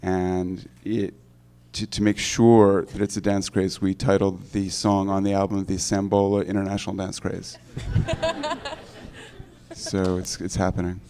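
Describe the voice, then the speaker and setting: A man's voice: sits low, big pitch swings, measured pace, dark tone, slight background noise. A man speaking in a dry, joking way as a panelist at a post-screening Q&A in a theater. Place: theater stage.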